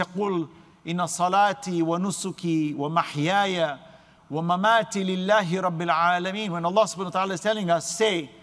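A man's voice: high voice, a bit bright, long reverb tail. A man preaching an earnest religious sermon to a gathering, emphatic, with recited Arabic scripture.

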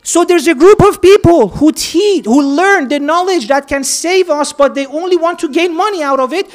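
A woman's voice: very high-pitched, moderate pace. A woman giving an earnest, story-driven religious talk, building each account step by step and dropping in Persian and Arabic words. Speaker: religious speaker.

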